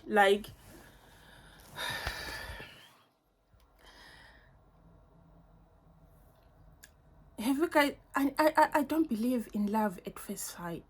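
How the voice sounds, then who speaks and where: Young woman gushing over a perfume, slow and a bit high, lots of likes and oh my gods. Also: animated, husky. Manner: gushing, effusive, lots of fillers and repeats. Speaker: beauty vlogger. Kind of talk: casual perfume unboxing review.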